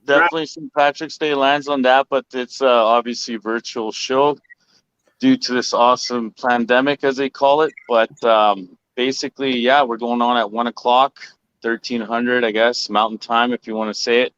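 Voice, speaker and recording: A man as a music guest on a talk show, speaking in a relaxed, easygoing way. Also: mid-range voice, normal speed, clear, resonant tone, dry recording, highs cut off. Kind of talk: casual interview.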